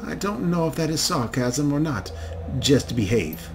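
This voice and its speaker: A man's voice: fairly high pitch, sing-song, unhurried, faint music behind. A man doing an icy wealthy patriarch. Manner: clipped, formal, commanding. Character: cold, imperious wealthy older father.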